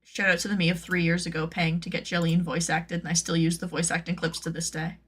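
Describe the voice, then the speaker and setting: A woman who makes cosplay patterns, chatting casually on her stream, rambling with lots of "like" and playful jumps into high silly tones. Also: flat delivery, quick pace, a bit bright, husky.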